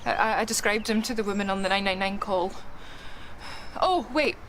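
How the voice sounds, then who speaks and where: A woman's voice: mid-range voice, normal speed, fairly bright tone, a little hiss or hum, natural voice. A woman with a Scottish accent playing a flustered witness in a TV drama who stammers and then gets exasperated. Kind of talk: TV drama acting.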